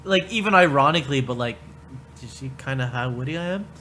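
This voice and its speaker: A man's voice: medium pitch, animated, fast, sharp tone, a little hiss or hum. A man hosting a livestream, commenting casually with profane, sarcastic remarks. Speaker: livestream host.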